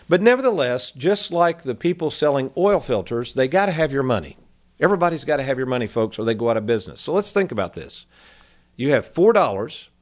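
Middle-aged male radio host, folksy and chatty, mid-pitched studio voice. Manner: folksy, addresses listeners as folks. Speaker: financial advisor radio host. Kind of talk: casual radio talk.

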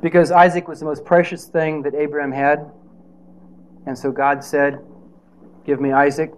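A man's voice: on the high side, fairly even intonation, normal speed, a little hiss or hum. A man preaching a sermon in a conversational way, with rhetorical questions and playful asides.

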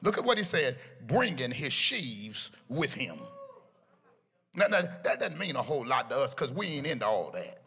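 A man preaching a sermon in a chanting, sing-song style, his voice rising into shouts at its peaks. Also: medium pitch, big pitch swings, moderate pace, husky. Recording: echoey hall with music behind.

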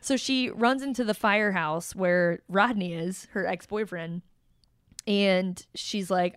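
Clear-voiced woman hosting a chatty movie recap. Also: medium pitch, measured pace, dry recording, clean studio sound. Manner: animated, laughing retelling with lots of fillers. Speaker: podcast host. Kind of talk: casual movie recap chat.

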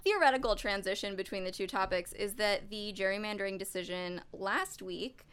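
A woman's voice: mid-range voice, normal speed, fairly bright tone, clear, resonant tone. A young woman co-hosting a casual podcast chat, sarcastic and joking while drinking beer. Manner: sarcastic, joking, self-deprecating. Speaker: podcast co-host.

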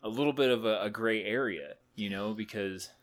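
A man co-hosting a casual podcast, sleep-deprived and rambling in energetic rants full of fillers. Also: lowish voice, moderate pace. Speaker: podcast co-host.

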